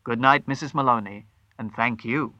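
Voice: mid-range voice, normal speed, bright, forceful tone, dry recording, highs cut off, natural voice. A storyteller voicing a friendly, helpful male grocer behind a shop counter. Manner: genial, helpful shopkeeper talk.

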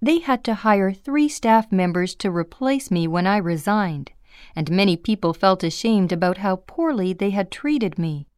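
A woman reading a first-person memoir aloud in a measured, plain storytelling manner. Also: medium pitch, lively intonation, a little mellow, clean tone, dry recording, studio quality. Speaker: audiobook reader.

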